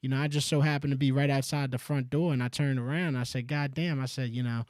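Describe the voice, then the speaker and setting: A man's voice: mid-range voice, fairly even intonation, quick pace, darkish tone, no echo, studio quality. A man hosting a casual sports call-in show, with laid-back, profane banter. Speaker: radio call-in show host.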